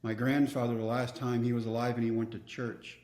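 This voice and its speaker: A man's voice: medium pitch, little pitch movement, fairly quick, darkish tone, reverberant. A man, telling personal stories earnestly as a podcast guest. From Texas. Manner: earnest, reflective storyteller. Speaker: guest speaker. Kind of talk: storytelling interview.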